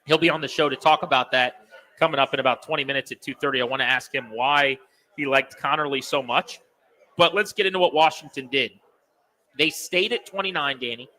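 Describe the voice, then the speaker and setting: A man's voice: a little high, sharp tone, long reverb tail. An American man hosting a sports radio show in a chatty, joking way.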